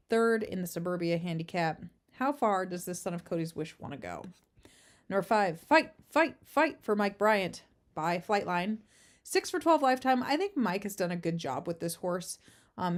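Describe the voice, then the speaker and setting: Chatty woman hosting a race stream. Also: mid-range voice. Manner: chatty, talks to chat, asides and laughs. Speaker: race caller and host. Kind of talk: casual livestream race preview. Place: relative's house, indoors. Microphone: no headset, makeshift setup.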